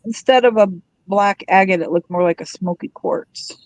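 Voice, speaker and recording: A woman's voice: medium pitch, moderate pace, slight background noise, low-quality recording. A woman hosting a craft livestream, chatting casually and musing aloud as she works. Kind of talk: casual chat while crafting.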